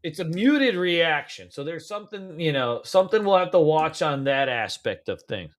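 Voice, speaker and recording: A man's voice: on the high side, big pitch swings, moderate pace. A man hosting a live pre-market trading stream, casual and slangy, humming filler beats as he scrolls through charts.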